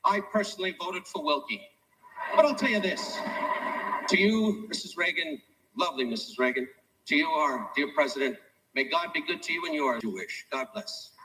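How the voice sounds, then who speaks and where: A man's voice: fairly high pitch, very animated, pushed and bright, slight background noise, rough recording. An older man doing insult comedy at a live roast, teasing and needling people one after another. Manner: teasing, barbed, rapid insults.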